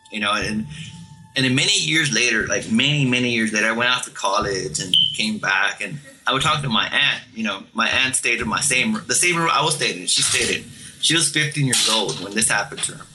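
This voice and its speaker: A man calling in to tell a ghost story in a casual, halting way, often repeating words and restarting sentences. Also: mid-range voice, bright, forceful tone, rough recording. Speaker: caller telling ghost stories.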